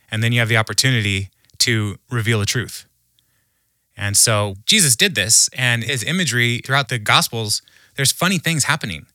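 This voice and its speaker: A man speaking as a podcast guest who tells stories in an animated way and laughs often. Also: medium pitch, dry recording, clean studio sound. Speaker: podcast guest, humor researcher. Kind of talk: conversational storytelling.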